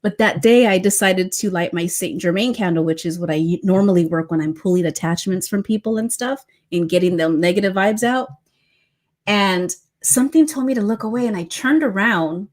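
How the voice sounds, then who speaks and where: A woman's voice: medium pitch, moderate pace. A woman who guides past-life regressions, telling a story in a chatty way full of fillers. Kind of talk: casual storytelling on a podcast.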